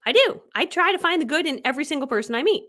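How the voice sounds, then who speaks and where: A woman in her forties coaching viewers on a livestream. Her voice sits high and swoops with lively animation. She is chatty and enthusiastic, laughing as she acts out little quoted exchanges. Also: very fast. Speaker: online business coach. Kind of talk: live-streamed coaching talk.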